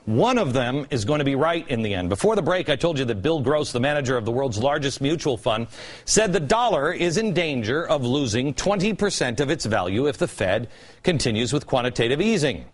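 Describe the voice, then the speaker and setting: A man in his forties delivers a political monologue, his pitch leaping up and down as he tosses out sarcastic rhetorical questions. He sounds like a TV commentary host working through a prepared rant. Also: expressive, a little fast.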